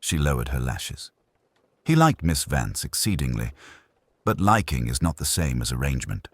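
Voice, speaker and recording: A man narrating a classic detective mystery in a measured, expressive reading. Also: a bass voice, no echo. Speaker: audiobook narrator.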